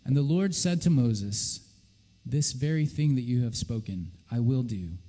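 A man giving a measured, solemn scripture reading during a church service. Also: mid-range voice, lively intonation, dark tone. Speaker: scripture reader. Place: church sanctuary. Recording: reverberant church hall.

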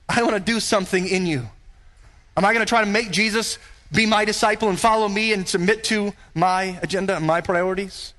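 A pastor with a high, slightly bright voice delivers a sermon from the pulpit, earnest and emphatic, repeatedly turning to rhetorical questions.

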